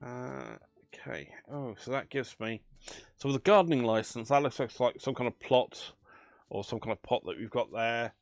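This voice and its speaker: A man's voice: medium pitch, very animated, moderate pace, dry recording, soft background music. A man chatting casually as he plays a management game, thinking aloud with dry banter. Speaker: gaming channel host. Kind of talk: casual let's play commentary.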